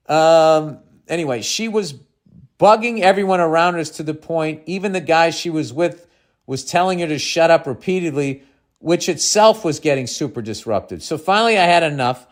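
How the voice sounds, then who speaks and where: A man's voice: fairly high pitch, normal speed. A man hosting a podcast, reading a listener's letter aloud and breaking in with profane, sarcastic asides. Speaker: podcast host.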